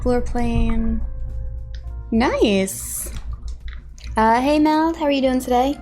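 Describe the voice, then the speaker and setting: A woman streaming live, chatting casually and greeting her viewers one by one, with bursts of excitement. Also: on the high side, takes it slowly, soft background music.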